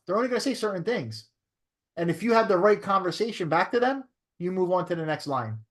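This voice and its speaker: Fairly high-voiced man coaching a class. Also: lively intonation, fast talker. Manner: coaching, repeats "right?" to check understanding. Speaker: real estate broker and trainer. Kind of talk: training class talk.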